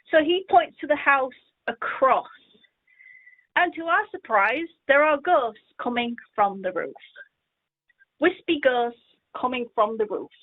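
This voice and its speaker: A woman calling in to a radio show, telling a childhood story in an animated way and acting out the voices. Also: high-pitched, measured pace, dry recording. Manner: animated, acts out the quoted voices. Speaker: caller. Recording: dry tinny phone line.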